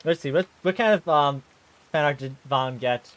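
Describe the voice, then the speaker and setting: Male streamer, slightly high voice, casual live commentary that flares into excited rants. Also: normal speed. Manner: excitable, ranting and exclaiming.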